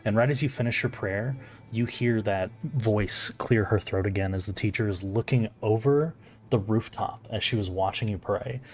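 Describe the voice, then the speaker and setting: Male game master, relaxed descriptive narration, low-ish voice. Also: normal speed.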